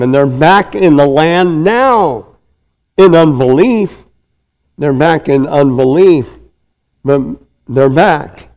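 A man's voice: mid-range voice, warm tone, poor audio. A man preaching a sermon with an emphatic, repetitive cadence.

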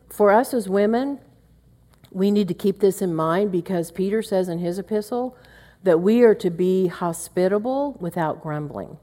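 Leading a women's Bible study, a middle-aged woman from Oklahoma shares chatty anecdotes and mutters little grumbles under her breath for effect. She has a lowish, dark voice, and the room gives a long hall reverb.

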